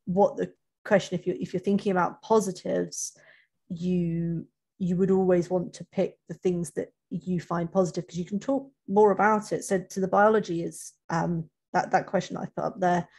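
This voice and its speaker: Woman, low-pitched, husky, gravelly, casual webinar chat, frequent self-corrections. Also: steady tone, moderate pace, darkish tone. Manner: chatty, self-correcting, many restarts. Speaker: interview coach.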